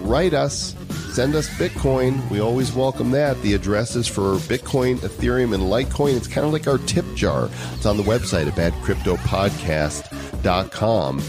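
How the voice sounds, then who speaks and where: A man's voice: mid-range voice, moderate pace, music in the background. A man co-hosting a casual podcast, joking with his partner and reading a legal disclaimer at the close. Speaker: podcast co-host.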